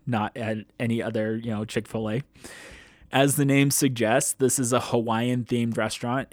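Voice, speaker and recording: A man's voice: medium pitch, no echo. A man hosting a podcast, talking in a casual, enthusiastic way with frequent laughs. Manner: enthusiastic, chatty, laughs often. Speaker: podcast host.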